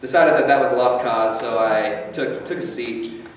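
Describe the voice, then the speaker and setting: A man's voice: medium pitch, normal speed. A male stand-up comedian telling a rambling, playful story on a club stage. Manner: rambling, playful, full of fillers. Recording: echoey club sound from a far mic. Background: audience laughter.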